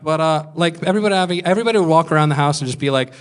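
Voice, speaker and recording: A man's voice: fairly high pitch, fast, few pauses. A man in his thirties telling stand-up stories, crude and self-mocking, slipping into other people's voices. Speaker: stand-up comedian. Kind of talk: stand-up storytelling.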